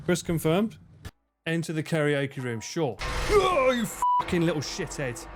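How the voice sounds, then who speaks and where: A man giving casual gaming stream commentary, swearing, laughing and breaking into sudden loud yelps. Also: fairly high pitch, sing-song, measured pace, faint music behind. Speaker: livestreamer.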